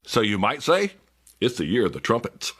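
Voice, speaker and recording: A man narrating an explainer video in a steady, informative way, with wry sarcastic asides. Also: fairly low pitch, moderate pace, breathy edge.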